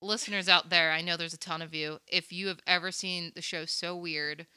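A young woman hosting a podcast chats casually about a movie, retelling a scene with animated energy, quoting voices and laughing along the way. Her voice is fairly low and clean, at a moderate pace.

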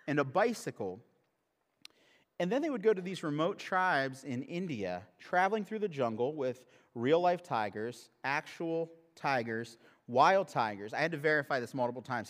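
A man's voice: on the high side, expressive, normal speed. Conversational male pastor preaching a sermon. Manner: humorous, conversational, then earnest. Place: church sanctuary. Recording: long reverb of a large hall.

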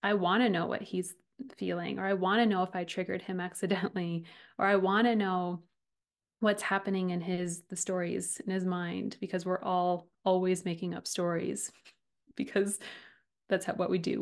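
A woman in her thirties delivers a heartfelt podcast monologue, earnest and personal. Her voice sits a little low and carries a gravelly, fry-laden edge. She laughs softly now and then as she talks. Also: flat delivery, normal speed. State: getting emotional. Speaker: podcast host and relationship coach.

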